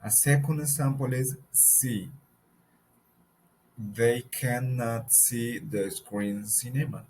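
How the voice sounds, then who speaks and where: Slow, careful man teaching a lesson. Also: medium pitch, fairly even intonation, darkish tone, a little hiss or hum, low-quality recording. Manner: careful, halting explanation with pauses and repeated example words. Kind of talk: recorded mini lesson on pronunciation.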